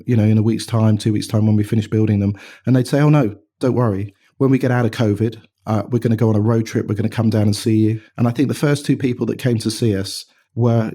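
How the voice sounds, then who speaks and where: A middle-aged man from England, a watch company founder, telling an animated anecdote in a casual interview. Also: mid-range voice. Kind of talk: conversational storytelling.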